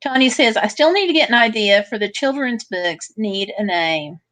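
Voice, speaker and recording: Woman host, slightly high voice, easygoing livestream chat, reads out comments and answers them. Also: animated, moderate pace, a bit bright. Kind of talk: casual livestream chat reading viewer comments.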